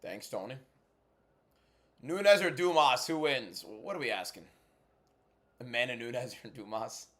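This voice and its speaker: A man hosting a casual fight watchalong livestream, blunt and bantering as he answers chat, moving between a subdued inside voice and loud hyped delivery. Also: medium pitch, expressive, measured pace, pauses often. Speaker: MMA content creator and livestream host.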